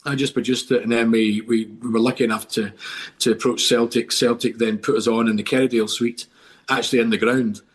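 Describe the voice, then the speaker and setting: A man's voice: medium pitch, fairly even intonation, a little fast. A middle-aged Scottish man, a podcast guest, telling long stories with enthusiasm and lots of restarts. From Scotland. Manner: enthusiastic rambling storyteller with many restarts. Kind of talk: casual podcast chat.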